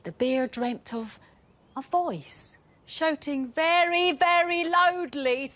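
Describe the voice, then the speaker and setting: A woman teacher reading a bedtime story aloud in a gentle, expressive storytelling manner. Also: high voice, takes it slowly.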